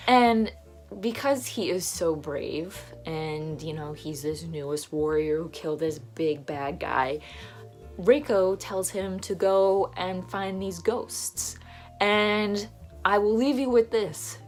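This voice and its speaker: A woman's voice: fairly low pitch, slow, darkish tone, soft background music. A young woman casually retelling and reviewing a film, gushing and full of fillers.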